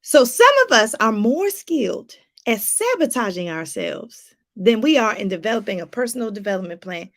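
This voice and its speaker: High-voiced woman life coach preaching. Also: very animated, normal speed, hardly any pauses. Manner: preachy, repeats phrases for emphasis; talks straight to viewers with casual asides. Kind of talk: motivational talk to viewers.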